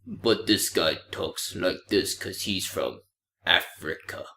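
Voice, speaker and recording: A man co-hosting a podcast, chatting casually about a movie, animated and swearing freely. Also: low voice, slow, vocal fry, roomy sound, slight background noise. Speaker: podcast co-host. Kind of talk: casual movie review chat.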